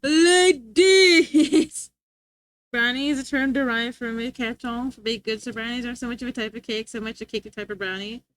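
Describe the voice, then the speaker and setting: A woman's voice: on the high side, level tone, quick pace, hardly any pauses, a bit bright, no room sound. A woman streaming live and chatting casually with her chat, playful and teasing, laughing often.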